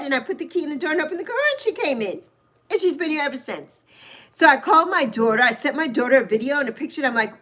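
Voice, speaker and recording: A woman in her sixties hosts a casual livestream and tells a story in a lively, chatty way. Her voice sits high, and she stops now and then to greet viewers by name. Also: a little fast. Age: 60s. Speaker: livestream host.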